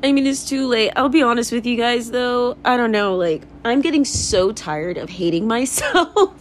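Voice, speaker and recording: A woman's voice: fairly high pitch, expressive, normal speed, a little hiss or hum. A young woman hosting a casual solo podcast, talking candidly in a rambling way, full of fillers, swearing and laughter. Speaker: podcast host.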